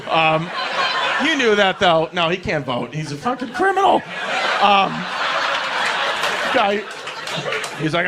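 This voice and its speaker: High-voiced rowdy stand-up comedian, loud club. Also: male voice, big pitch swings, unhurried, long pauses, very noisy. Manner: loud, rowdy, profane storytelling.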